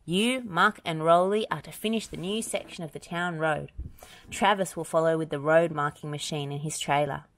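A woman voicing a capable, kind female builder who talks briskly and reassuringly. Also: sits low, fairly even intonation, slight background noise.

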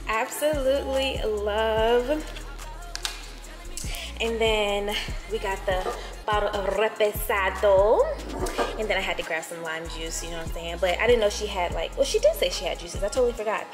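Chatty woman vlogging in an echoey lounge. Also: mid-range voice. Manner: chatty, gushing, laughs often. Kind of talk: casual vlog chat. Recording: echoey room with long reverb and music behind.

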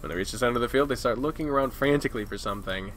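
A man playing through a visual novel, reading the narration aloud in a casual style and reacting loudly between passages. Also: medium pitch, rapid-fire, soft background music.

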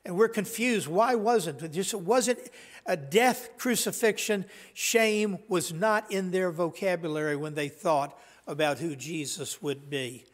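A man preaching a sermon as pastor, conversational and halting, with frequent restarts and fillers. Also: high voice, in a large hall. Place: church sanctuary.

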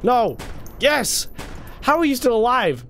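Young male gaming host, high voice with lots of swing, excitable, gasps and taunts over gameplay. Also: takes it slowly, soft background music. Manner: excitable, gasping and exclaiming, playful taunts. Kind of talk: casual gameplay commentary. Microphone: desk microphone.

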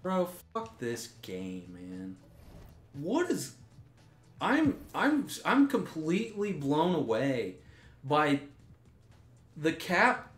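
A man's voice: on the high side, huge pitch swings, drawn-out words, pauses often. A young man giving gameplay commentary, ranting in exasperation, swearing and restarting his sentences. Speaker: gaming YouTuber. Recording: roomy echo with faint music.

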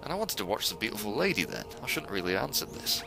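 Lively, swearing young gamer guy. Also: lowish voice, quick pace, gravelly. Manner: excitable, swearing, talks to viewers. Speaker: gamer playing a stealth game. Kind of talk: let's play commentary. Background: game music.

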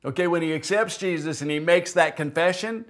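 A man delivers a sermon from the pulpit, speaking in a relaxed, conversational way as he tells a story. His voice sits a little higher than most men's, and he slips into the voices of the people in his story. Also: a little fast. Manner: conversational, tells stories with acted-out quotes. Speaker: pastor. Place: church.

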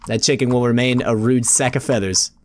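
A man's voice: medium pitch, steady tone, brisk. A man hosting a let's play video, joking around and talking to viewers as friends while he plays. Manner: playful, jokey, often addresses viewers as friends. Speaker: gaming video host.

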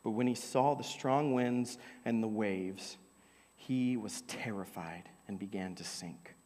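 A young adult man preaching a sermon into a microphone, telling the story with lively energy and sometimes dropping to a whisper. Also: lowish voice, slow pace. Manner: animated storytelling preacher, drops to a whisper for emphasis. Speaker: pastor. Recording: long hall reverb.

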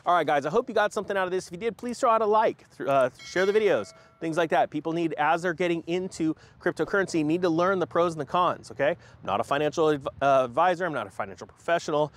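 A man hosting a casual crypto finance vlog, talking in an animated, jokey way and sometimes mocking companies in put-on voices. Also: fairly high pitch, fast, hardly any pauses. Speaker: host of a crypto finance channel.

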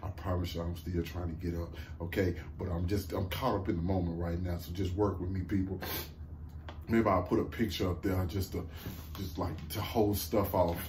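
A man with a Southern American accent recapping a TV episode in a casual, excited, profane way, laughing often, slumped low in a seat at home. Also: moderate pace, a little hiss or hum. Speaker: TV review vlogger.

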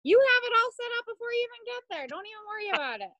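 High-voiced woman hosting a wine class. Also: very animated, racing, bright, forceful tone, poor audio. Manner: upbeat, thanks the guest and explains orders. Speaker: wine shop class host. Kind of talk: casual chat on a video call. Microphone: video call.

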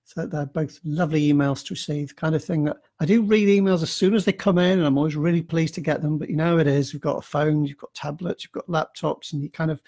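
A man's voice: on the high side, fairly even intonation, fast talker, hardly any pauses, mellow. A man chatting casually on a live stream, answering readers' emails in a rambling, self-deprecating way with lots of fillers and restarts. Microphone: computer mic on a live stream.

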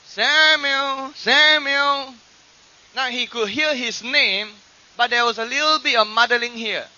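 A man preaching a sermon, teaching from scripture and acting out quoted voices with animated emphasis. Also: very high-pitched. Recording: dull lo-fi archive recording.

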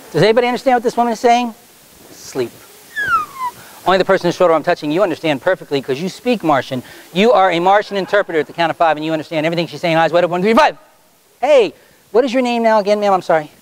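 A quick-talking man runs a stage hypnosis show on a school stage, his voice sitting a little high for a man. He teases and directs his volunteers in a brisk, commanding way, then sinks into slow, low suggestions to put them under. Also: low-quality recording. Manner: drops to slow, low suggestion when putting people under. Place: high school stage before a student audience.

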